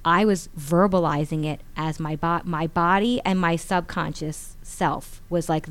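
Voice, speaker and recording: A woman in her forties tells a story in an animated, casual way and acts out other people's lines. Her voice sits on the low side. The sound is close and dry. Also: moderate pace, few pauses, smooth, no room sound. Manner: animated, acts out quotes with rising pitch. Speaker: guest.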